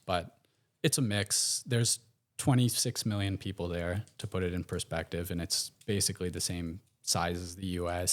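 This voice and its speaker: An American man, a podcast guest, telling stories in a relaxed, rambling way with plenty of fillers and restarts. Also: low-pitched. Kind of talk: casual interview storytelling.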